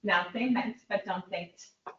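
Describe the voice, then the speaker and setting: A woman presenting at a training workshop, leading a quick call-and-response drill with her listeners. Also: medium pitch, fairly bright tone. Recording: echoey room, distant dull mic.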